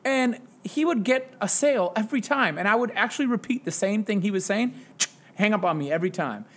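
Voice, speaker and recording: A man guesting on a podcast tells long, animated stories about his jobs and his music, often laughing at himself. His voice sits somewhat high for a man. He talks casually and comfortably with a friend. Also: a little fast. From Wisconsin, US. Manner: self-deprecating, animated storyteller. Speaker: podcast guest, high school English teacher. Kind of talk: casual podcast chat, storytelling.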